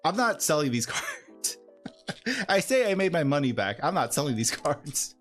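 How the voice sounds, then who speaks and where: A man streaming live, chatting casually and rambling while he opens a box of cards, getting excited and laughing often. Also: a little high, moderate pace, faint music behind. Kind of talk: casual livestream chat while opening cards.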